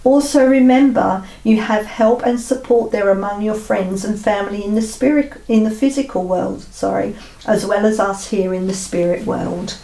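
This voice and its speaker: A woman giving a spiritual oracle card reading, gentle and unhurried, pausing often with fillers. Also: medium pitch, steady tone, vocal fry. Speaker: tarot card reader. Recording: roomy sound from a distance.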